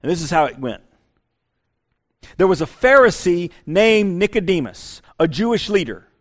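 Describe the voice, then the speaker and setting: Man preaching, high voice, conversational, repeats words, sermon. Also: sing-song, moderate pace. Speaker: pastor.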